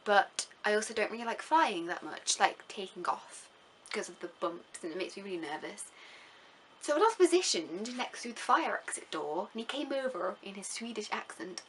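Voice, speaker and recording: A woman's voice: medium pitch, lively intonation, normal speed, a bit bright, slight background noise. A young woman from England, talking casually over her travel vlog in a chatty, rambling way full of fillers. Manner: chatty and rambling, with many fillers and gushing words. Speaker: vlogger.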